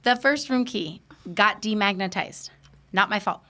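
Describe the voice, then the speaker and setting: A woman's voice: mid-range voice, a little slow, sharp tone. A woman co-hosting a casual podcast, telling a story and laughing at herself. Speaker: podcast co-host. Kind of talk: casual chat.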